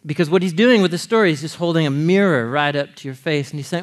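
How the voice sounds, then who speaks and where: A man's voice: fairly high pitch, fast, gravelly. A man teaching a sermon on scripture in a jokey, conversational way, talking straight to his listeners and chuckling often. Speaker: Bible teacher.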